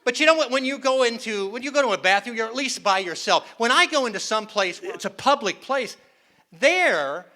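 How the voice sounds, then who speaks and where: A man's voice: very high-pitched, animated, normal speed, pushed and bright. An older man performing a self-mocking stand-up comedy set on stage, acting out the voices he quotes. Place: conference hall stage with a live audience.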